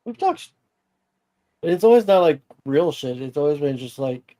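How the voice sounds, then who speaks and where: A man's voice: on the high side, sing-song, normal speed, dark tone. A man in a casual podcast chat, joking around and swearing casually.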